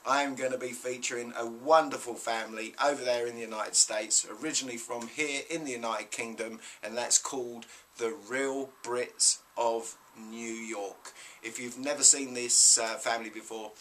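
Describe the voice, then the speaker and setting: A man with a British accent hosting a casual vlog of shout-outs, enthusiastic and checking in with "yeah?" as he talks. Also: medium pitch, fairly even intonation, normal speed, slight background noise. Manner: enthusiastic, keeps adding "yeah?". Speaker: YouTube host.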